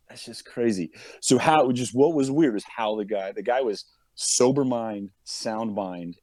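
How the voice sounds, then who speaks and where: A man's voice: fairly low pitch, no echo. A man telling a story in casual chat, acting out the people in it as he goes. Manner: animated, acts out quotes of others. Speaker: podcast guest, police officer.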